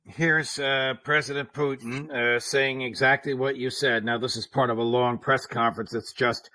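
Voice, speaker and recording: A man hosting an interview, calmly introducing a clip. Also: medium pitch, normal speed. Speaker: host.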